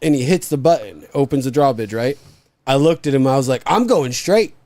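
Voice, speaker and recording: Pria pencerita yang blak-blakan dan kasar. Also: male voice, medium pitch, fairly quick, no room sound. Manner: profane, animated storyteller. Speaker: podcast co-host. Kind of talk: casual live podcast chat.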